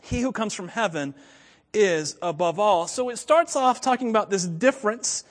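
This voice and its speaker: Pastor type, man from Florida, slight Southern accent, high voice, chatty sermon delivery, echoing hall. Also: animated, moderate pace. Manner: conversational, chuckles often, asides to the audience.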